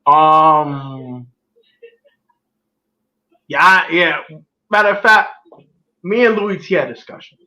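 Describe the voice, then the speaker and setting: A man's voice: fairly high pitch, slow pace, pauses often, sharp tone, dull audio. A man co-hosting a casual sports talk show, telling stories emphatically and repeating himself for effect. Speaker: podcast co-host.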